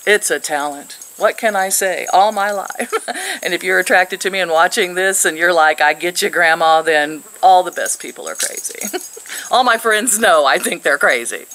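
A woman's voice: lowish voice, lively intonation, normal speed, fairly bright tone, poor audio. An older woman from Missouri, sitting outdoors and chatting to camera as she tells a rambling story with frequent laughs. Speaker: vlogger.

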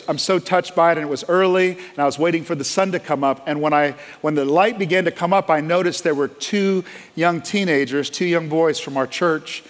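A man preaching a sermon as pastor, telling stories with passion and swinging between loud and hushed delivery. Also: on the high side. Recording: long hall reverb.

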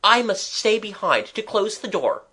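Man voicing a jittery young schoolboy, lifted and eager, politely pushy, slow storybook reading. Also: sits high, big pitch swings, sharp tone, husky, voice pushed up, heavily acted. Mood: urgent. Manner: nervous, politely insistent. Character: anxious scheming schoolboy, polite and urgent.

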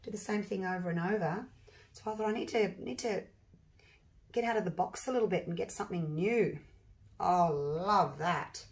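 A woman with a husky voice talks casually as she works on a painting, thinking out loud as she goes. She breaks into bursts of excitement over the results. Her pitch sits right in the middle. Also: brisk. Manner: chatty, thinks aloud, bursts into excited exclamations. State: husky voice from allergies. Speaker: acrylic pour artist. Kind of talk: casual demonstration while working.

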